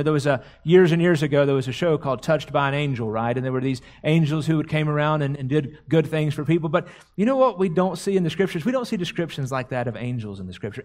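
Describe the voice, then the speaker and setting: A man preaching a sermon, retelling a scripture story dramatically, often repeating words as he goes. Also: on the high side. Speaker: pastor.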